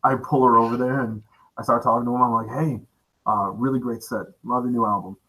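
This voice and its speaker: A man telling a concert story in casual chat, relaxed, with many "uh" fillers. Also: mid-range voice, brisk, slightly rough, poor audio.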